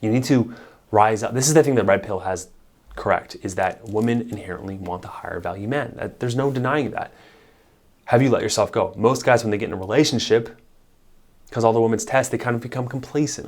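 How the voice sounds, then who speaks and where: A man with a fairly low voice speaks as a marriage therapist. He talks to camera in a blunt, emphatic way and swears casually as he pushes his points. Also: brisk, a little mellow. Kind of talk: direct-to-camera advice talk.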